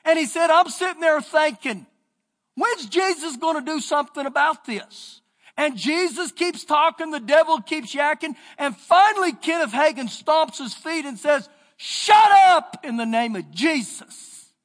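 A man with a Texan accent preaching a sermon as pastor, his voice rising and falling in pitch and loudness. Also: normal speed. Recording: church sermon with long reverb.

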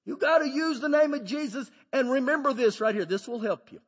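A pastor preaching a sermon, animated, moving between loud shouted lines and low quiet asides. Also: male voice, fairly quick, breathy edge. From Texas. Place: church sanctuary. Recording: long hall reverb.

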